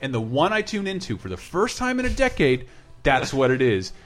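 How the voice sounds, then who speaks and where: A man co-hosting a podcast, chatting casually in a rambling, animated way and swearing now and then. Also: medium pitch, a little fast, faint music behind. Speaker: podcast co-host.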